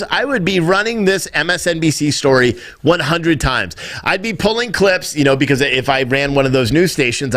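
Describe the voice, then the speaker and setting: A man's voice: fairly high pitch, sharp tone. A man in his thirties hosting a live stream, rambling and swearing as he reads chat. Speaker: live streamer, news show host. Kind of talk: casual live-stream commentary.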